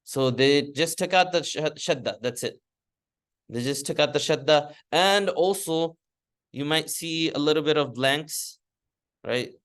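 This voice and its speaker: A man's voice: fairly high pitch, unhurried, fairly bright tone. A man teaching Arabic grammar in a classroom, explaining patiently and leading students through recited drills. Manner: patient, repeats terms and has students recite after him.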